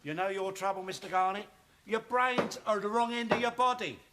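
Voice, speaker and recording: An actor playing a blunt British working-class man who scolds with sharp put-downs in a studio sitcom. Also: high-pitched, brisk, very noisy, close to an everyday voice. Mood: scolding. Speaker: sitcom character.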